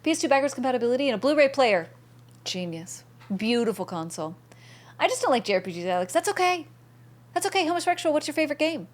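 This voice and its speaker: A woman's voice: high voice, very animated, fast. A young woman streaming a game, chatting casually and bubbly with viewers and thanking them by name.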